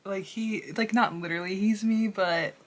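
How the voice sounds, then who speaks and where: A young woman hosting a music reaction video, excitable and then softly confessional, talking at home. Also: mid-range voice, moderate pace. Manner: excitable, swings to soft confessional talk. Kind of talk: casual reaction commentary.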